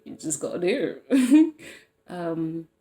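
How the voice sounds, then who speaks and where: A woman's voice: on the low side, big pitch swings, slow pace, mellow. Rambling woman reading tarot. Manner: rambling, self-interrupting, laughs often. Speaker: tarot reader. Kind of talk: casual tarot reading to camera. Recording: roomy echo.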